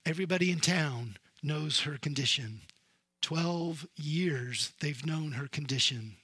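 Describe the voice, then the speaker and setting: A man pastor preaching a sermon, telling the story with animated swings from loud emphasis to hushed tones. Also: on the high side, unhurried, slightly rough, no echo.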